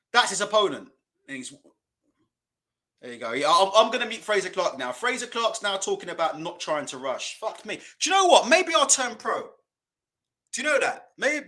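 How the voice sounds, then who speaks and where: A man's voice: high voice, pushed and bright. A man hosting a live boxing watch-along, commentating in a casual, mocking, profane way. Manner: mocking, laughing, loose and profane.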